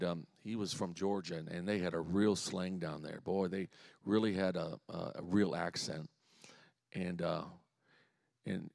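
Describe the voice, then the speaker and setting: A middle-aged man preaching a live sermon in church, earnest and loose, with frequent restarts and repeated words. His voice sits at an ordinary middle pitch, and the sound is dry and close. He rises loud on key points and drops quiet in asides. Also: dry recording. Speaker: pastor.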